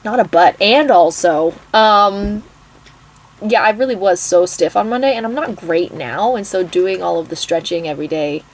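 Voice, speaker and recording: A woman's voice: on the low side, expressive, normal speed, poor audio. A woman writer chatting casually about her writing progress, rambling with plenty of ums and frequent laughs. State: out of breath. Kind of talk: casual chat to camera.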